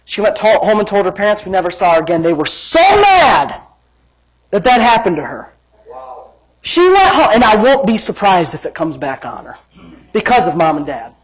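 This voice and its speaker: A man preaching a sermon, telling a story with laughter and shouted emphasis. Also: sits high, lively intonation, fast, husky, poor audio.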